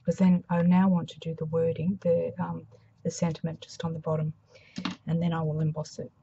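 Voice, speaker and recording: Brief: Australian woman craft demonstrator, low gravelly voice, slightly hoarse, mumbles softly, dull lo-fi recording. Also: little pitch movement, fairly quick, noisy background. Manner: soft-spoken, mumbling, thinking aloud. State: hoarse after flu. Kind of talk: casual craft tutorial.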